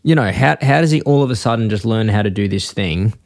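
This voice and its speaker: A man co-hosting a podcast in a casual chat, rambling and acting out characters' lines in a high voice. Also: lively intonation, quick pace, gravelly, dry recording, clean studio sound. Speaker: podcast co-host.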